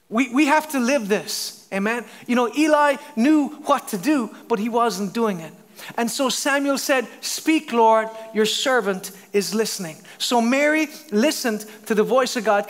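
A middle-aged pastor preaches a sermon in a very high-pitched voice. He tells stories with lively acted-out voices and throws asides to the congregation.

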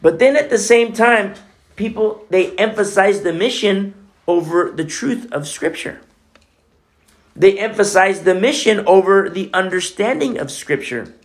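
A man's voice: sits high, expressive, measured pace. Emphatic male preacher asking rhetorical questions. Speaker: pastor. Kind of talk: sermon.

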